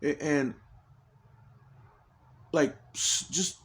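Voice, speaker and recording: A man's voice: a little high, steady tone, very slow. A man in an agitated, rambling personal monologue, swearing heavily and restarting his sentences often.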